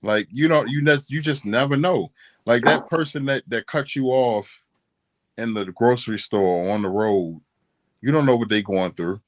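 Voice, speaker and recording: A man's voice: mid-range voice, normal speed. A married man chatting casually as a co-host, telling a story in a laid-back, earnest way, often saying "you know what I'm saying". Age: adult.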